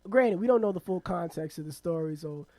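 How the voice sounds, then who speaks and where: A man's voice: high voice, lively intonation, fairly quick, dark tone, no room sound. A man co-hosting a casual podcast, laughing often and reading news stories aloud with joking asides. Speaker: podcast co-host.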